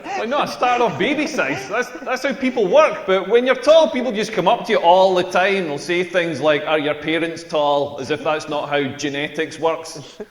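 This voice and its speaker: Scottish male comic, 40s, high voice, self-deprecating and laughing as he talks, live set in a reverberant hall. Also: moderate pace. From rural Scotland. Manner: wry, self-mocking, laughs through lines. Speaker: stand-up comedian. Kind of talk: stand-up comedy set. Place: comedy club stage. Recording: echoey live venue with reverb.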